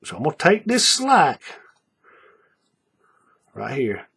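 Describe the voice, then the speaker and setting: A man's voice: fairly high pitch, huge pitch swings, slow, vocal fry, a bit bright, breathy edge. A man teaching a paracord bracelet step by step in a folksy tutorial, repeating each move and checking in with viewers. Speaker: paracord craft instructor. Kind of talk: hands-on tutorial narration.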